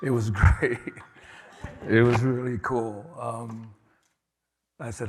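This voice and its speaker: A man's voice: medium pitch, moderate pace, pauses often, background noise. Man, new york accent, keynote speech, casual and personal, long hall reverb. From New York City. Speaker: keynote speaker. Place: large conference hall.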